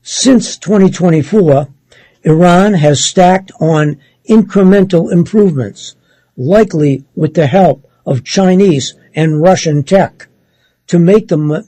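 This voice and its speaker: A man reading a news article aloud in a measured, steady way, sometimes stopping to correct himself. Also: a little high, breathy edge, dry recording, rough recording. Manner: measured, steady read with occasional self-corrections.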